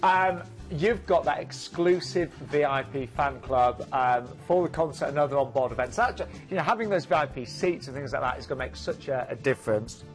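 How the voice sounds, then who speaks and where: A man's voice: mid-range voice, a little fast, few pauses, faint music behind. A man with a northern English accent presenting cruise deals on a shopping channel, friendly as he reads out prices and what is included. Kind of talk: shopping channel sales chat.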